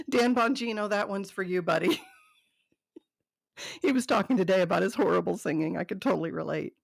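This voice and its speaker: Woman host reading silly notes out loud, laughs a lot, bit of vocal fry, close dry mic. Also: mid-range voice, a little fast, dry recording. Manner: amused, laughing often; dry commentary between readings. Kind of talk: casual reading of funny notes.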